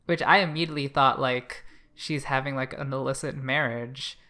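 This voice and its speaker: A podcast co-host talking about an anime episode in a casual, animated way, full of fillers and swearing. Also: medium pitch, moderate pace. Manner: chatty, animated, many fillers and acted asides. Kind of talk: casual anime review chat.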